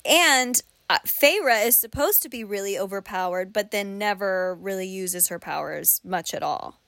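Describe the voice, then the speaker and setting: A young woman co-hosting a casual book discussion podcast, animated and quick to laugh, acting out reactions as she talks. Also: mid-range voice, vocal fry, no echo. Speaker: podcast co-host.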